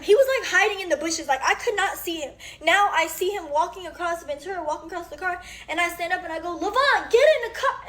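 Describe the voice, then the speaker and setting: A young woman in her twenties vents through tears, her voice very high. She rambles bluntly through a raw personal account. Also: a bit bright. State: crying. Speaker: celebrity venting on social media.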